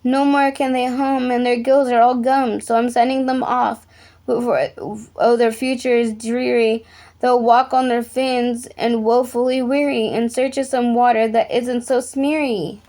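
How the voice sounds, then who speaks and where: Woman putting on a storybook forest creature, old and male, high-pitched, loud, indignant, scolding. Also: level tone, measured pace.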